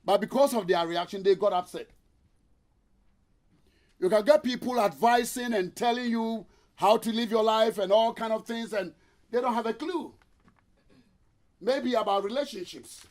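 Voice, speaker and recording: Guy giving a motivational talk, fairly high voice, tells stories, lots of rhetorical questions. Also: moderate pace, pauses often, darkish tone. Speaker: motivational speaker. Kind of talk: motivational seminar talk with storytelling.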